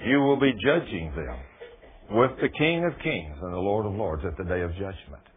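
A man preaching a sermon in a folksy, emphatic way, his voice rising high on key passages. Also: lively intonation, normal speed. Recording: tinny phone-like radio broadcast.

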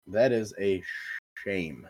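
A man's voice: sits low, lively intonation, slow, a little mellow, no room sound, poor audio. A man co-hosting a casual podcast chat with friends, teasing the others in playful banter. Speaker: podcast co-host.

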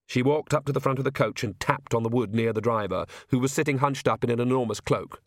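A man reading a comic fantasy novel aloud in brisk, even storytelling. The recording is dry and close, and his pitch sits mid-range. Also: no echo. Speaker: audiobook narrator. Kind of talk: scripted narration.

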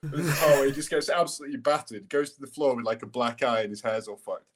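A man co-hosting a podcast, chatting in a relaxed way, sharing film trivia and swearing casually. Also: mid-range voice, quick pace, husky. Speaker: podcast co-host. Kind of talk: casual chat.

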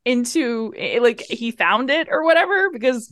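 A woman's voice: fairly high pitch, normal speed, no room sound, clean studio sound. A woman co-hosting a podcast, recapping a film in casual chat, acting out the characters' lines and swearing freely. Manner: animated retelling with acted-out quotes and swearing. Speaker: podcast co-host.

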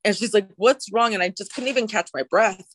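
A woman's voice: mid-range voice, fast, breathy edge. A woman recounts her own recovery in a candid, emotional interview, not shying away from a swear word. Her voice sits in an ordinary middle register for a woman. The sound is dry and close, with no room echo. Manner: emotional and frank, occasional swearing. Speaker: guest sharing recovery story. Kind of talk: candid personal storytelling.

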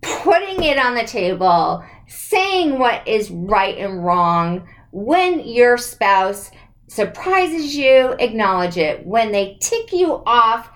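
A woman's voice: a little high, very animated, slow, a bit bright. A woman hosting a conversation, speaking in an earnest, counseling way. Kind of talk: advice-giving conversation.

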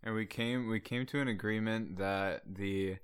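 A man's voice: lowish voice, steady tone, measured pace, clear, resonant tone. A man playing in a tabletop game podcast, dropping dry wisecracks. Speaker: player.

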